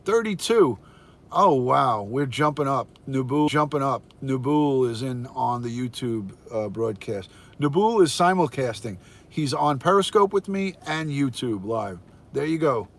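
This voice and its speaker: An older American man, a retired detective, hosts a casual live stream from his phone in an unhurried, medium-pitched voice with lively intonation. He cheerfully greets viewers by name and calls out how many are watching.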